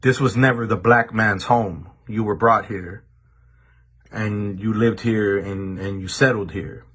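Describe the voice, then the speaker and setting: A man with a husky, slightly breathy voice talks straight to his viewers in a monologue. His tone is deliberate and stern, and he often repeats words as he restarts a sentence. He comes from the Los Angeles area. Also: fairly low pitch, fairly even intonation, fairly bright tone. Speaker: commentator addressing viewers. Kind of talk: direct-to-camera monologue.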